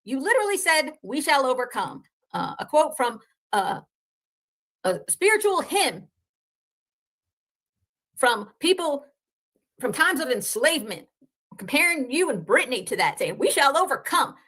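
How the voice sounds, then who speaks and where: Woman host, high bright voice, scornful livestream rant with casual swearing. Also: very animated, a little slow, pauses often. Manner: scornful, sarcastic, addresses rivals directly. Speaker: drama commentary host. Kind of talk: ranting livestream commentary.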